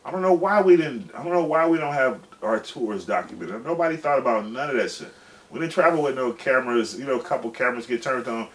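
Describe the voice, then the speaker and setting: A man's voice: mid-range voice, expressive, fast talker, fairly bright tone. Profane, rambling man telling stories. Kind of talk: casual storytelling. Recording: distant mic with faint background noise.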